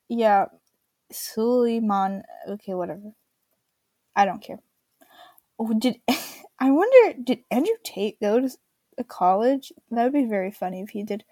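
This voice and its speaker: A woman's voice: on the high side, a little mellow, no room sound. A young woman in a snarky, rambling solo rant, mocking and full of fillers, recorded on a close mic. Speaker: solo commentator. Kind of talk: casual ranting monologue.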